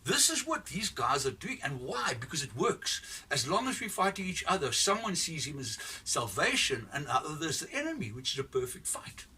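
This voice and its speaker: A man's voice: a little high, very animated, normal speed, few pauses, pushed and bright, breathy edge, distant mic. A man giving a blunt, profane, rambling opinion rant, recorded from off the mic with faint noise behind him. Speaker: commentator giving his opinion.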